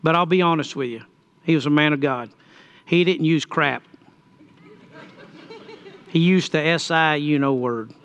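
Man, pastor preaching, folksy storytelling, high voice, bright tone. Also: measured pace, long pauses, clean tone, lo-fi sound. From Texas. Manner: folksy, rising to emphatic preaching. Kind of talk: sermon storytelling.

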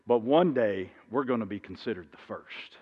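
A man's voice: fairly low pitch, expressive, normal speed. A man preaching an informal sermon, rambling through anecdotes with many restarts and acting out the voices in his stories. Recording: dull lo-fi sound, long hall reverb.

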